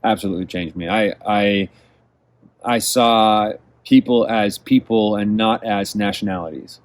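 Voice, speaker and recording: A man's voice: fairly low pitch, steady tone, a little slow, no echo. A man from California answering interview questions as a guest, telling travel stories in a reflective, enthusiastic way. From California, USA. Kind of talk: casual interview conversation.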